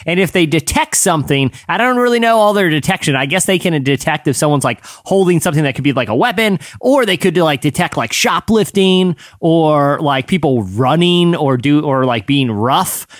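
A man's voice: on the high side, moderate pace, few pauses, no room sound, studio quality. A man co-hosting a podcast, ranting comedically in casual banter. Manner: animated ranting with frequent "like" and laughter. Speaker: podcast co-host.

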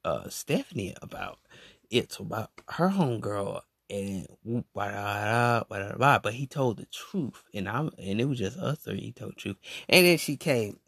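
A young man telling a story in a casual podcast monologue, animated and slangy, saying "bro" constantly. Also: lowish voice, normal speed, vocal fry, slightly rough, dry recording, clean studio sound. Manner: animated and slangy, every phrase ending on "bro".

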